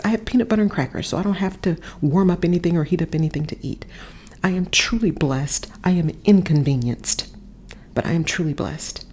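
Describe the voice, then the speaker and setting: A woman's voice: on the low side, a little mellow. A woman host and coach giving an earnest, reflective motivational monologue, repeating phrases for emphasis and dropping to a near-whisper at times. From Texas. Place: a friend's house, not her usual space. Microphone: different setup than usual.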